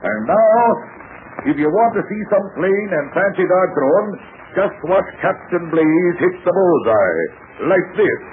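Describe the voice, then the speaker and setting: A dangerous, fiery-haired sea captain in an old radio play. He blusters and chuckles with folksy swagger, his voice a touch high and very lively. It comes through a thin, hissing broadcast. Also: a little slow. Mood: boastful. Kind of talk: 1940s radio acting. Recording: tinny old radio broadcast with faint hiss.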